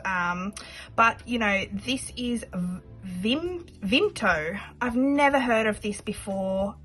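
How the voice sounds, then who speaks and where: A woman chatting casually to camera in a vlog, rambling a little and pausing often with fillers and second thoughts. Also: on the high side, a bit bright, poor audio. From Australia. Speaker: budgeting vlogger.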